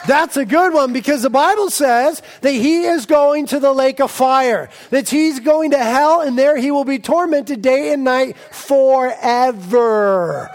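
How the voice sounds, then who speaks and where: A man preaching a sermon as pastor, energetic and jokey, telling stories with animated asides. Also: extremely high pitch, measured pace, few pauses.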